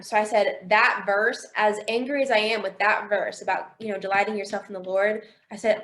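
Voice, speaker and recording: A woman's voice: medium pitch, fairly even intonation, brisk, hardly any pauses, a bit bright. A young woman sharing her faith testimony in an interview, telling it expressively and acting out quoted dialogue. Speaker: interview guest.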